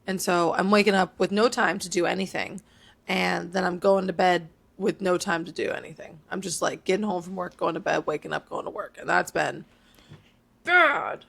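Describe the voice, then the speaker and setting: A woman's voice: lowish voice, fairly even intonation, fairly quick, gravelly. A woman in her late twenties co-hosting a podcast, chatting casually and rambling through stories with lots of fillers. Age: late 20s. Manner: rambling, filler-heavy storytelling. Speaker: podcast co-host. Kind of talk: casual chat.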